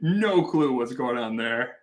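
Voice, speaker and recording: A whiskey reviewer from the Milwaukee area of Wisconsin hosts a casual livestream, chatting animatedly and reading viewer comments aloud. He's self-deprecating and swears casually. His voice is medium-pitched and animated, and he speaks at a slow pace.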